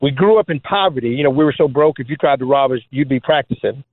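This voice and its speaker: Animated man telling jokey stories on a phone line. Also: medium pitch, fast, no echo. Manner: joking, animated storyteller with many fillers. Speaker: guest, former trick basketball player. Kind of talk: storytelling interview talk.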